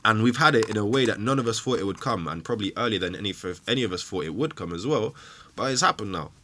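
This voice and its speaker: A man's voice: on the low side, expressive, fast talker, pushed and bright. A man hosting a football fan show, ranting angrily and emotionally with heavy swearing. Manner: angry, swearing, emphatic rant.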